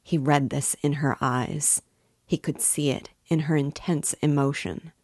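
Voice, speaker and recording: A woman hosting a book club, reading a novel aloud in a slow, measured way. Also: sits low, fairly even intonation, darkish tone, slightly rough, no room sound, studio quality.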